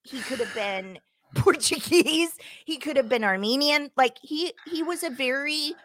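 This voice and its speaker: A woman co-hosting a podcast, telling a story in a lively, indignant way and acting out the dialogue. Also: sits high, a little slow, no room sound, clean studio sound. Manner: animated, indignant storyteller who acts out dialogue. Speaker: podcast co-host. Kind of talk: casual chat, storytelling.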